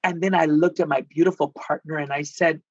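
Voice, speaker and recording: A high-voiced, middle-aged Texan spiritual healer and life coach talks briskly but with a steady tone, sharing personal stories expressively in conversation and using Spanish endearments. The recording is dry, and the highs are cut off.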